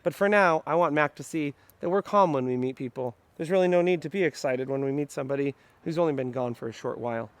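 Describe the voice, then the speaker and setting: A man's voice: fairly high pitch, quick pace, hardly any pauses, dry recording. A man working as a dog trainer, explaining a training session in an upbeat, explanatory way and talking to the dog as he goes. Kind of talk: instructional training vlog.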